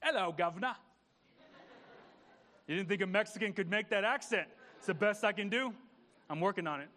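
A man's voice: high voice, quick pace, sharp tone. A man pastor preaching a conversational sermon, repeating words and asking the congregation questions.

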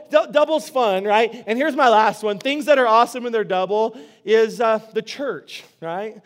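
A pastor making church announcements in a playful, joking way. He is a man with a high voice. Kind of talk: sermon announcements. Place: church sanctuary.

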